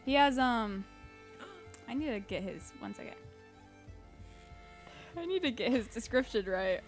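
A young woman, slowly narrating a tabletop game as game master, with lots of ums. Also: on the high side, animated, faint music behind. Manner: unhurried, giggly, with many ums.

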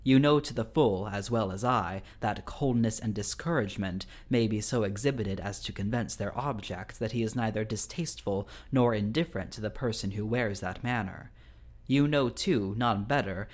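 A man's voice: fairly low pitch, lightly acted. A man reading the lines of a stern, coldly angry elderly guardian in a Victorian story, formal and scornful.

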